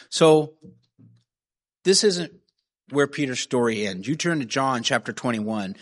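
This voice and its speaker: A man's voice: medium pitch, animated, moderate pace, long pauses. A man preaching a sermon in an earnest, conversational way, often checking in with "right?" and "you know". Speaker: pastor.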